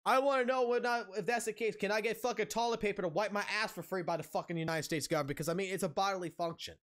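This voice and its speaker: A man's voice: high voice, very fast, a bit bright. A man streaming a casual rant, angry and heavily profane, blunt, repeating himself for emphasis.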